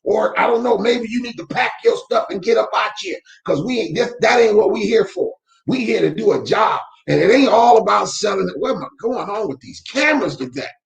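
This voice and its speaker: A man running his company's weekly motivational talk from home, speaking fervently like a preacher and breaking into shouts. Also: sits high, lively intonation, a little fast, vocal fry, hardly any pauses, roomy sound. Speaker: real estate company owner, host. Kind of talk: live faith-based motivational talk. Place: room at home. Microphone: camera mic.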